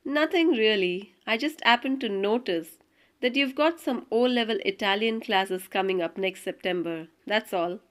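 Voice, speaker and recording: A woman's voice: medium pitch, normal speed, lightly acted. A woman voicing a sly, cocky male prisoner in an audiobook reading, teasing in manner. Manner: cheeky, teasing.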